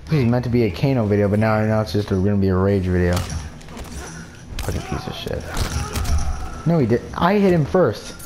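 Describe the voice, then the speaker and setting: A man's voice: on the low side, lively intonation, quick pace, hardly any pauses, warm tone, slight background noise. A man giving gameplay commentary, ranting in frustration and swearing under his breath. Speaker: gamer.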